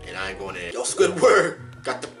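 Excitable gamer guy, voice a bit far off. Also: medium pitch, fairly quick, music in the background. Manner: excitable, swears a lot, yelps and shouts in surprise. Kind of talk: let's play commentary.

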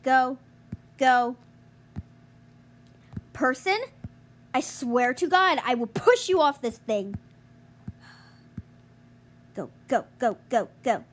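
A young woman commentating her gameplay, exasperated and groaning, yelling at other players to get out of her way. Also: high-pitched, lively intonation, takes it slowly, long pauses. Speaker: gamer streamer.

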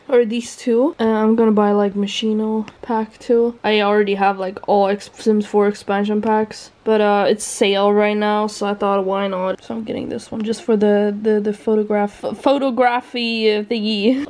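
A woman's voice: medium pitch, a little mellow. A woman vlogging in a casual, chatty way, laughing often and swearing now and then. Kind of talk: casual vlog chat. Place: partly outdoors at night.

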